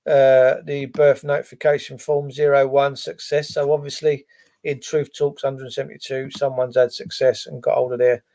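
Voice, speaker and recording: Gravelly, blunt man ranting. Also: medium pitch, little pitch movement, moderate pace, dark tone. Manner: blunt, sarcastic, swearing. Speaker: livestream host. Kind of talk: ranting livestream monologue.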